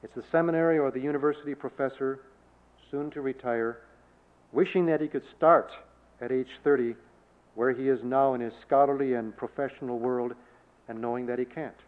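A man preaching a measured sermon, rising to emphatic declarations in quoted scripture. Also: mid-range voice, steady tone. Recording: tinny phone-like sound.

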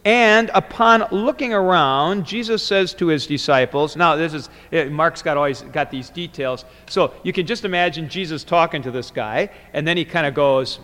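A man's voice: on the high side, moderate pace, hardly any pauses, a bit bright. A man teaching Greek grammar in a classroom lecture, explaining step by step and wandering into asides. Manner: digressive and explanatory, with frequent fillers and restarts. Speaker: Greek New Testament teacher. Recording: long reverberant hall.

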